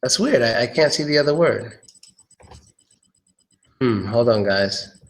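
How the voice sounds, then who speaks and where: A man giving a casual live-streamed pronunciation lesson. He repeats words slowly and curses offhandedly. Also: medium pitch, lively intonation. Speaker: English pronunciation tutor.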